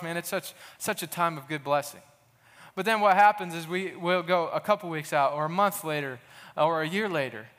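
A man's voice: sits high, fairly bright tone. A young adult man preaching a sermon in an earnest, casual way, telling stories and often restarting his sentences. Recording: long hall reverb.

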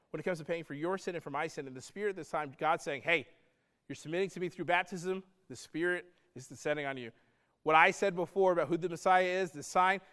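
Male pastor, higher-pitched voice, earnest conversational sermon delivery with emphatic peaks. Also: fairly bright tone, clear, resonant tone.

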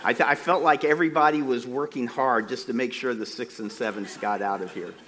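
A middle-aged man preaching a sermon into a microphone, slowing down to stress key phrases and dropping in folksy, self-deprecating asides. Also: mid-range voice, noisy background. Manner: slow, deliberate emphasis on key phrases.

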